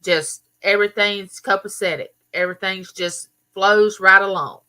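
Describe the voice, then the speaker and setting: A woman's voice: mid-range voice, steady tone, normal speed, sharp tone. A woman with a Southern US accent, from Mississippi, hosting a casual live chat and chattily greeting viewers by name. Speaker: livestream host.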